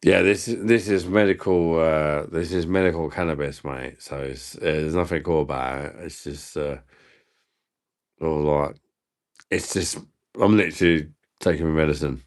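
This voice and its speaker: Uk guy streaming live, low croaky voice, rambles and swears at chat. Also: steady tone, moderate pace. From United Kingdom.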